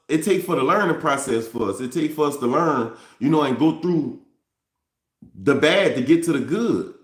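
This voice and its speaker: A man's voice: on the high side, echoey room. A man, speaking straight to his viewers in a candid, repetitive storytelling monologue. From New Orleans. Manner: repetitive, restarts phrases, addresses viewers as y'all. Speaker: vlogger.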